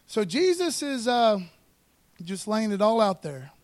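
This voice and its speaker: A man preaching with fervor, his voice sitting noticeably high. He keeps the tone casual and punchy, tossing in "man" and calls for an amen between lines. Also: big pitch swings, unhurried. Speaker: pastor. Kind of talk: sermon.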